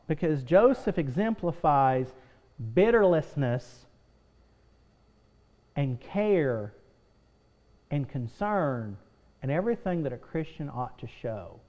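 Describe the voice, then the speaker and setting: A man's voice: fairly high pitch, big pitch swings, unhurried, long pauses, a little mellow, lo-fi sound. A man teaching a Sunday School lesson as pastor, earnest, reading scripture aloud and repeating phrases for emphasis. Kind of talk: preaching Bible lesson.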